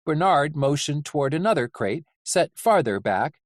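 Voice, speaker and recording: An audiobook reader giving measured, animated narration of a story. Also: medium pitch, no echo, studio quality. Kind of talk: scripted narration.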